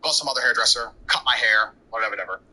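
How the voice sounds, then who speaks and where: A man's voice: medium pitch, pushed and bright, slightly rough, rough recording. A man in his thirties telling a story as a podcast guest, brash and profane. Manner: brash, profane, quick anecdotal delivery. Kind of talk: casual storytelling.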